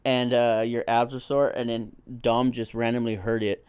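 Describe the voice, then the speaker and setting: A man's voice: mid-range voice, level tone, moderate pace, darkish tone, clean tone. A young man co-hosting a podcast, chatting in a laid-back way with casual swearing. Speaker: podcast co-host. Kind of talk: casual chat.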